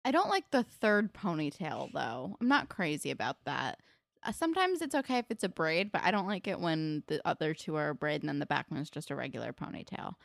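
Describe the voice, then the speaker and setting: A woman's voice: sits low, very animated, fairly quick, gravelly, dry recording. A young woman co-hosting a podcast, chatting casually as she recaps a TV episode with many fillers. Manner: chatty, filler-heavy, acts out quotes. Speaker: podcast co-host.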